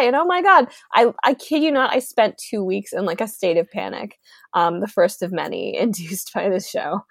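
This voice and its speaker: A woman co-hosting a podcast, telling a story in an excitable, rambling way with many fillers. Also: on the low side, no room sound. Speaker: podcast co-host. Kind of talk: casual chat.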